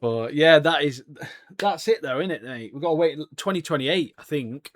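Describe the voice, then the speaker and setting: A man's voice: on the high side, lively intonation, normal speed. A young man, co-hosting a podcast in casual chat, laddish and calling everyone mate. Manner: laddish, swears, says "mate" a lot. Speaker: podcast co-host.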